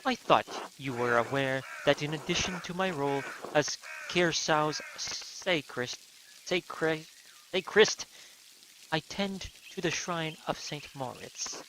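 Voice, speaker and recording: A man voicing a pious monk who speaks slowly and solemnly. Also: on the high side, background noise, pitched above the performer's own voice. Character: solemn pious monk, quietly proud of his duties.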